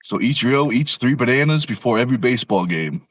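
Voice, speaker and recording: A man's voice: mid-range voice, animated, fast talker, a bit bright, no echo, low-quality recording. Laid-back young man on a stream. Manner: laughs often, easygoing, trails off mid-sentence. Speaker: co-host of a livestream. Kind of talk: casual livestream chat.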